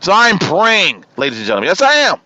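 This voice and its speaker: A man's voice: high-pitched, huge pitch swings, a little fast, pushed and bright, no room sound, highs cut off. A man hosting a political talk show, ranting with fire and repeating himself for emphasis. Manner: fiery, ranting, repeats himself and names his targets. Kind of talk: political talk radio monologue.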